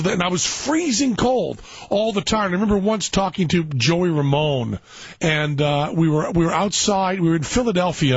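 A man's voice: high voice, slightly rough, no echo, highs cut off. A man hosting a call-in radio show, chatting in a rambling, anecdotal, jokey way.

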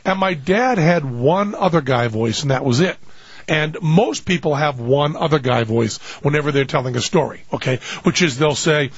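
A man's voice: a little high, normal speed, husky, dry recording, muffled recording. A man hosting a podcast, telling comic stories in a wry, exasperated way and slipping into put-on voices. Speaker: podcast host.

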